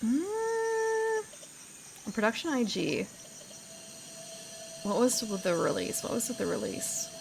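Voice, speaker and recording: A woman's voice: a little high, expressive, takes it slowly, gravelly, long pauses, noisy background. A woman streamer chatting casually while she plays, rambling and correcting herself as she goes. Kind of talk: casual gaming commentary.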